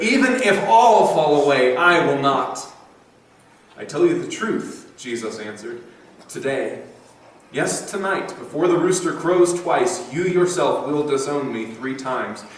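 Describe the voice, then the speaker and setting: A man's voice: fairly high pitch, a bit bright, a little hiss or hum. A man preaching a sermon, dramatically voicing quoted thoughts and the words of the people he tells about. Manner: dramatic, acts out quoted voices. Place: church sanctuary. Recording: echoey church hall from a distance.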